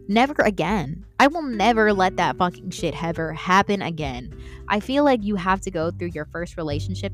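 A young woman with a slightly low voice hosts her own podcast and rants without a filter, swearing constantly as she goes. She breaks into animated, mocking outbursts, and soft guitar music plays faintly behind her. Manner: candid and heavily profane, ranting. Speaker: podcast host. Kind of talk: solo podcast rant.

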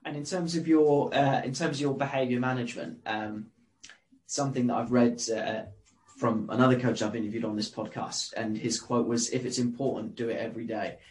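A man hosting a podcast, asking thoughtful questions with many pauses and ums. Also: mid-range voice, little pitch movement, low-quality recording. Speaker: podcast host. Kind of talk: interview questions.

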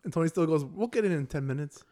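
A man's voice: on the high side, animated, fast talker, dark tone. A laid-back man in casual chat, using slang and laughing along.

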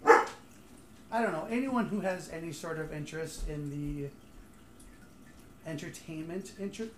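A woman's voice: low voice, unhurried. A woman co-hosting a podcast in casual chat, talking hesitantly with many restarts. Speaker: podcast co-host. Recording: echoey room with faint noise.

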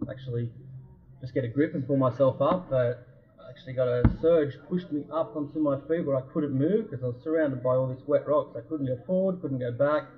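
A man telling a story in casual chat, animated and full of fillers. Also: medium pitch, fairly quick. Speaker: photographer guest. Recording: phone-like lo-fi audio.

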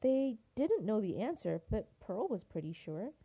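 An older woman, a grandmother, reading a picture book aloud in an expressive, unhurried way. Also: medium pitch, breathy edge.

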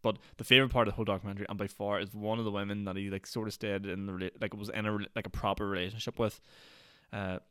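A man's voice: on the low side, level tone, very fast, fairly bright tone, smooth, dry recording, studio quality. A Northern Irish man hosting a solo podcast, rambling and ranty, with lots of "like" fillers. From Northern Ireland. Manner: rambling, ranty, heavy use of "like". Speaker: podcast host.

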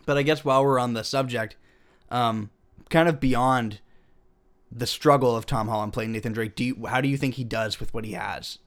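A young man co-hosting a podcast, chatting casually about a film, animated and swearing freely. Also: medium pitch, moderate pace. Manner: animated, swears casually, acts out quoted lines. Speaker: podcast co-host. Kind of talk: casual film review chat.

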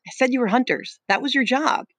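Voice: high voice, a little fast, fairly bright tone, no room sound, pitched above the performer's own voice. A reader voicing a defensive, tremulous boy leader in a classroom novel reading. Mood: insistent. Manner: tremulous, pleading.

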